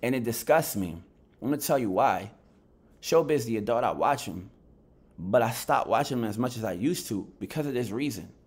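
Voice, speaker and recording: A man's voice: mid-range voice, lively intonation, normal speed, husky. A man fresh out of bed giving a heated, blunt vlog commentary on boxing, swearing freely as he rants. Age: adult. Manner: heated, blunt rant with profanity. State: just woken up, lower energy.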